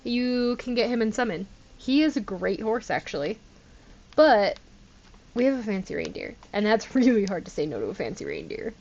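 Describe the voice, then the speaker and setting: A woman's voice: a little high, very animated, normal speed, a little mellow, muffled recording, a little hiss or hum. A woman streamer chatting casually over gameplay, talking to her viewers with exasperated disbelief and laughing at herself. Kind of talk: casual live gameplay commentary.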